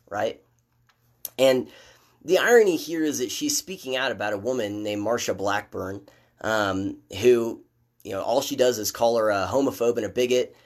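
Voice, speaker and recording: A man giving critical, sardonic commentary on a documentary, with frequent fillers and restarts. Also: medium pitch. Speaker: political commentator.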